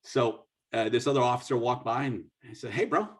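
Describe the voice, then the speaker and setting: A man's voice: mid-range voice, fairly even intonation, brisk. A middle-aged man from the United States, a military officer telling a war story as a guest speaker over a video call, acting out dialogue with frequent restarts. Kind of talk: storytelling talk.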